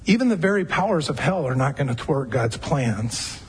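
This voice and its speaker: A man preaching a sermon to a church congregation, in a conversational way, softening his voice to act out gentle quoted words. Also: medium pitch, animated, normal speed, breathy edge, big-room sound. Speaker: pastor.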